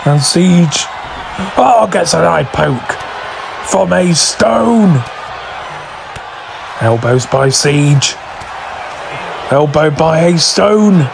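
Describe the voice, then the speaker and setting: A man giving excited play-by-play wrestling commentary, shouting through near falls, his voice going hoarse from screaming. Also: fairly high pitch, drawn-out words, pauses often, crowd noise, background noise. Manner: shouting near counts, voice straining.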